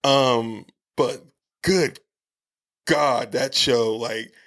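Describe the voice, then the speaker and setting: A man's voice: mid-range voice, drawn-out words. A man co-hosting a podcast, chatting casually and rambling with lots of fillers and restarts. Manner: relaxed, rambling with frequent fillers. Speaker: podcast co-host. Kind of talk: casual chat.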